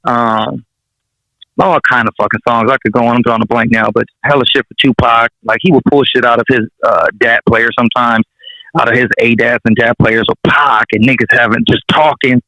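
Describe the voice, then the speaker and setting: A man's voice: medium pitch, steady tone, brisk, pushed and bright, no echo. A man, a rapper guest telling stories in a casual interview, slangy and profane, chuckling as he goes. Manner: laid-back, slangy and profane, chuckling through anecdotes. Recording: dull, dry sound.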